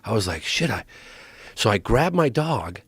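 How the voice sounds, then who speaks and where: A man's voice: fairly low pitch, sing-song, moderate pace, husky, dry recording. A man on a podcast as a guest, rambling through a story in casual chat and acting out his own thoughts. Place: podcast studio.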